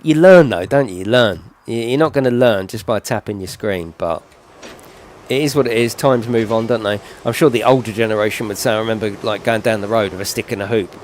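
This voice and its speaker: A man's voice: lowish voice, brisk, slight background noise. A middle-aged man giving casual, rambling game commentary full of tag questions. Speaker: gaming channel host.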